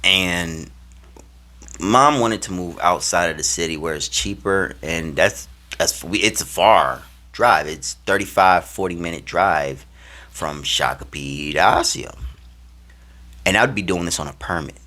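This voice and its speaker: Low-voiced young man telling a story. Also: unhurried. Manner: animated, slangy, swings between loud and hushed. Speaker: vlogger. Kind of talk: casual personal storytelling.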